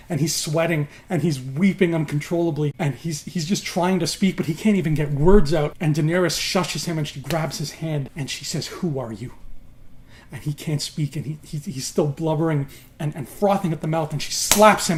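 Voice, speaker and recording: Animated male storyteller, slightly high voice. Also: normal speed. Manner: animated, repeats words for emphasis. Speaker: host. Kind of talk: casual storytelling. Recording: noisy background hiss.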